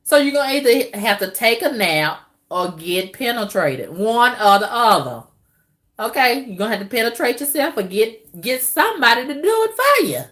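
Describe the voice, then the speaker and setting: A middle-aged woman vlogging in a candid, casual monologue to her viewers, drawling with loud whoops and exclamations. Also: a little high, big pitch swings, moderate pace.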